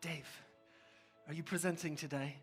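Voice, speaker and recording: A man putting on a polite British man with a British accent, quietly giving a friend discreet news. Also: fairly high pitch, steady tone, moderate pace, soft background music, voice pushed down, lightly acted.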